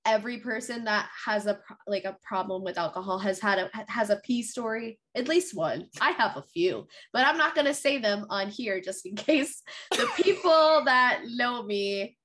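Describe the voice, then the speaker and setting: A woman's voice: fairly high pitch, expressive, moderate pace, fairly bright tone. Candid woman podcast co-host. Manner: candid, self-deprecating storyteller. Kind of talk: casual chat.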